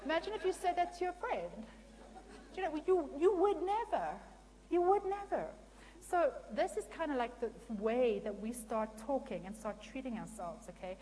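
A woman preaching with a lively, chatty manner, often asking her listeners if they follow. Her voice sits fairly high. It rings through a large hall, with a faint hum beneath. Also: normal speed. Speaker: Christian speaker and counselor. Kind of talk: sermon.

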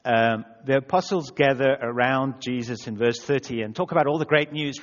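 A man's voice: mid-range voice, normal speed. A man preaching a sermon as pastor, self-deprecating, acting out quotes in little voices. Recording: dull echoey church hall sound.

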